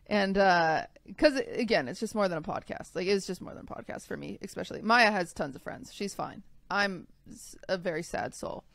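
A woman's voice: medium pitch, moderate pace, gravelly, a bit bright, no echo. Chatty young woman, dry close sound. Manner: rambling, filler-heavy storytelling. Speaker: podcast co-host. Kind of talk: casual chat.

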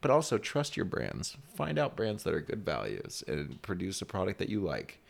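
A man's voice: deep voice, huge pitch swings, moderate pace, creaky. A young man co-hosting a podcast, talking in a laid-back, slangy way and laughing often. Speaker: podcast co-host. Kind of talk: casual chat.

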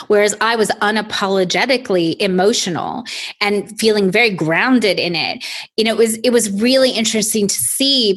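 Emphatic woman podcast co-host. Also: medium pitch. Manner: earnest, emphatic, thinks aloud with many fillers. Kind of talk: casual podcast conversation.

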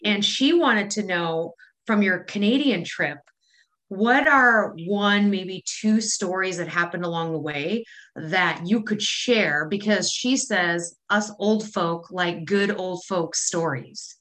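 A woman's voice: mid-range voice, takes it slowly, a bit bright. A woman with a Wisconsin accent co-hosting a podcast. She chats casually and laughs often. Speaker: podcast co-host. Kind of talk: casual chat.

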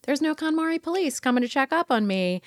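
A woman hosting a podcast, chatting casually and reading headlines aloud with lively asides. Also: sits high, quick pace, dry recording, studio quality. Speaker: podcast host.

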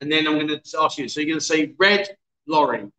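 A man's voice: on the high side, fast, bright, forceful tone. A middle-aged man hosting a casual livestream, joking around and reading viewer comments aloud. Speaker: livestream host.

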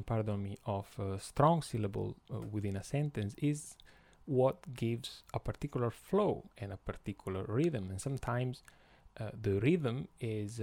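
A man with an Italian accent, Italian his first language, hosting an educational podcast and explaining slowly with many pauses and fillers. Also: on the low side, vocal fry, mellow, dry recording. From Italy. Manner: slow and hesitant, many fillers. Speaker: podcast host.

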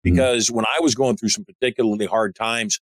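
A man's voice: lowish voice, steady tone, fairly quick, dry recording. Blunt, opinionated male podcast host. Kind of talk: casual interview chat.

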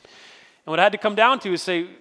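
The voice here is high-pitched, sharp and a little fast: a middle-aged pastor telling stories in his sermon, chatty and prone to restarting sentences. He's in a church sanctuary, heard through a large hall's long reverb.

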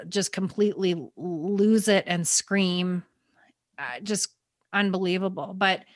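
A woman's voice: lowish voice, dry recording. A woman hosting a podcast, telling her family's story in earnest, at times near tears. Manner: earnest, quick, stumbling over words. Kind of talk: emotional personal storytelling.

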